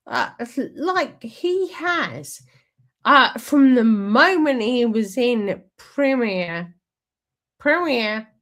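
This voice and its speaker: A woman's voice: high voice, fairly bright tone. A woman streaming, ranting angrily and sarcastically over a played speech, swearing constantly.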